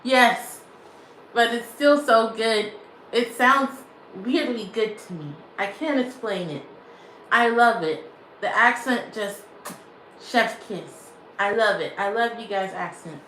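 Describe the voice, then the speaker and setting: A woman's voice: on the high side, slow, fairly bright tone, roomy sound, slight background noise, rough recording. A woman vlogger chatting casually to her stream, rambling and repeating herself, laughing often. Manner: rambling and repetitive, often restating phrases; laughs often while talking. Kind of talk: casual livestream chat.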